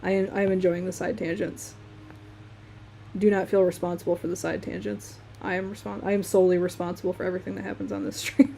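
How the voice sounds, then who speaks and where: Young Midwestern woman, mellow voice, relaxed live-stream chat while sketching, faint room hum. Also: lowish voice, quick pace, creaky. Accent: Midwestern American. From Michigan, USA. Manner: chatty, laughs often, talks while working.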